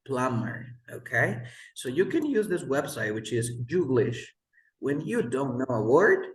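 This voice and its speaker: A man tutoring English one-on-one over a video call, patiently repeating words for his student. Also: medium pitch. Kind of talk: online one-on-one English lesson. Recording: roomy echo.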